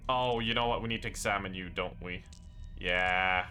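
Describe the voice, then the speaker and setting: A man streaming a horror game live, excitable and joking, reading notes aloud and laughing often. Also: low-pitched, moderate pace, soft background music. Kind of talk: live gameplay commentary.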